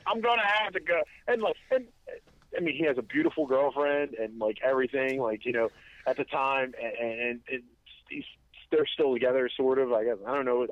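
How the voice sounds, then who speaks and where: A man's voice: mid-range voice, no echo. Rambling man telling stories down a phone line. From Delaware. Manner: rambling, many restarts, acts out quotes. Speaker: podcast guest, wrestling promoter. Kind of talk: casual road-story chat. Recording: dry tinny phone-line sound.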